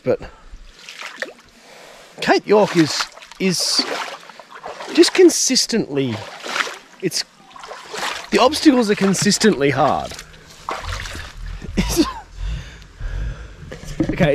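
Lively Australian man laughing outdoors. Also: on the high side, slow, pauses often. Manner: laughing often, chatty and self-mocking. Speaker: vlogger. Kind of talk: casual outdoor vlog chat. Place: outdoors on a four-wheel-drive track. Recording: outdoor recording with clear background noise.

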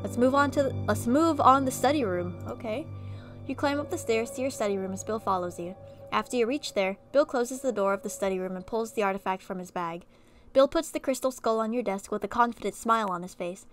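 A woman reading an interactive horror story game aloud and breaking off for animated, chatty reactions. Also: mid-range voice, brisk, soft background music. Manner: animated, chatty asides between narration. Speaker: gaming video creator.

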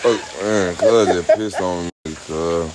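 A man joking around with his partner at a pool at night, cursing and complaining loudly. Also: low-pitched, slow, heavy background noise. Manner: profane, animated, indignant. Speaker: vlogger. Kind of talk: casual banter.

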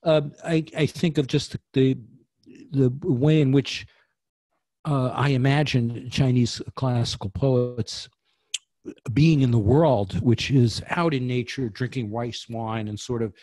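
A man from New York talking as a guest in a poetry discussion over a video call, thoughtful and halting, with many restarts. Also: mid-range voice, fairly even intonation, darkish tone, dry recording. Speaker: guest poet.

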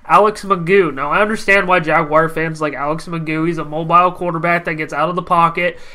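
A young man hosting a casual football recap, energetic and confident, his voice stuffy from a cold. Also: a little high, brisk. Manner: energetic, confident fan talk. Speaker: sports channel host.

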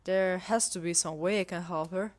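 A woman's voice: on the low side, fairly even intonation, normal speed, close to an everyday voice. Woman voicing an earnest young college guy. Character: young male college student, earnest and eager to help. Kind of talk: reading a visual novel game aloud.

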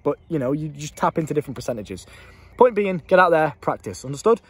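A man's voice: fairly high pitch, very animated, fast, slightly rough. A young British man and life coach, talking casually to a handheld camera, swearing freely and rambling.

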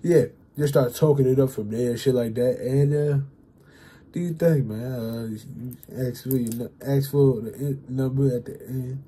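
A man's voice: mid-range voice, a little slow, mellow, slightly rough. A young man talking to his channel in a loose, rambling way, full of fillers and casual swearing. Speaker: YouTuber giving dating advice.

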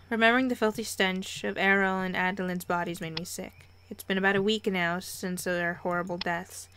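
A young woman reading a visual novel aloud and commenting as she plays, expressive and quick to react. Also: fairly low pitch, slight background noise. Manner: expressive, reads narration and reacts with excited squeals. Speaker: let's play host.

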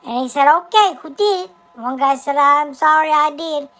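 A man voices Dexter, a chatty, high-voiced boy who tells a long folksy joke straight to camera, stumbling and restarting as he goes. The voice is very high with a sharp tone at normal speed, and the recording quality is low.

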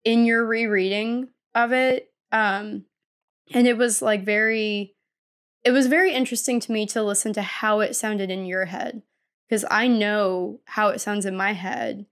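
A woman co-hosting a podcast, talking through her writing in a casual, rambling way. She trails off and restarts often. Her pitch sits in the middle. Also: fairly even intonation, measured pace, fairly bright tone. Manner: rambling, many fillers and restarts. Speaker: podcast co-host and writer. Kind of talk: casual chat.

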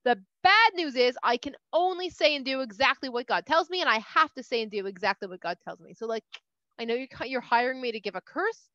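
A woman voicing a hot-tempered male prophet who yells at his donkey, in a dull, dry recording. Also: high voice, expressive, fairly quick, no echo. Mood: casual. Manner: shouting and scolding in bursts.

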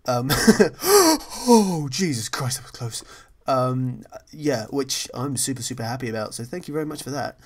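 A man giving casual, rambling commentary over his own gameplay, chatty, apologetic and self-deprecating. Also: medium pitch. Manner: frequently apologetic. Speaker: gaming channel host.

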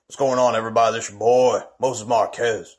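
A cocky radio host plugging his own show with a smug, laid-back delivery, as a man puts on a lower voice. He sounds relaxed and full of himself. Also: fairly quick, natural voice. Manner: self-promoting, laid-back plug.

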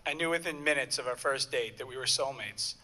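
Earnest young groom reading vows. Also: male voice, mid-range voice, fairly quick, bright, forceful tone. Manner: earnest, a bit nervous, stumbles once. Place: wedding ceremony venue.

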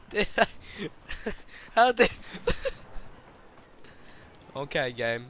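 A young man doing excitable gameplay commentary, laughing often and shouting at the game. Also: sits high, very slow, long pauses. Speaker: gaming YouTuber.

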